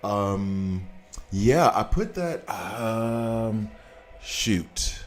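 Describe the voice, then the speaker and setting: An American man with a lowish voice and lively intonation draws out his words while chatting casually on a live game stream. He greets viewers and laughs often, with soft music playing in the background.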